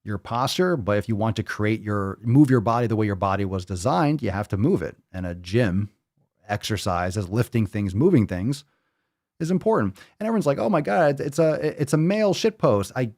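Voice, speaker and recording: A man's voice: lowish voice, a little mellow, dry recording, clean studio sound. A man hosting a podcast in casual chat, reading posts aloud and rebutting them in a blunt, profane, mocking way. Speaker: podcast host.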